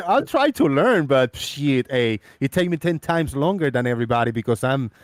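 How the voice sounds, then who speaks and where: A man's voice: medium pitch, expressive, normal speed, dry recording, clean studio sound. A man hosting a casual online voice chat, joking, laughing often and stumbling over his words. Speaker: host.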